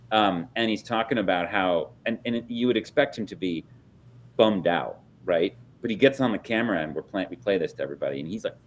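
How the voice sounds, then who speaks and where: Panel guest, man, deep voice, easygoing rambling delivery, slight background rumble. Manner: loose and conversational, many fillers. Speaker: Bitcoin nonprofit organizer. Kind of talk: casual panel chat.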